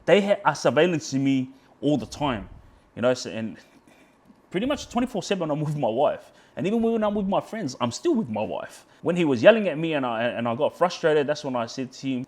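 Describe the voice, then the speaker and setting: An Australian podcast guest casually tells a story in a rambling way, repeating words, restarting sentences and quoting himself along the way. His voice is a little high, sing-song and darkish in tone, with a brisk pace.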